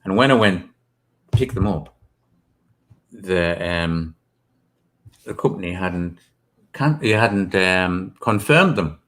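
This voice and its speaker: Hesitant low-voiced British man. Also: lively intonation, takes it slowly, long pauses, fairly bright tone. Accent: British English. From Britain. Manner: hesitant, rambling, many ums and restarts. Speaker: author and guest. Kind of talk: casual interview storytelling.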